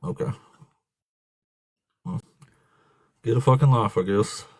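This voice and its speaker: A man's voice: mid-range voice, slow pace, a little mellow, slightly rough, dry recording. A man hosting a livestream debate, mocking and swearing constantly while talking over callers. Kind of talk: profane casual livestream chat.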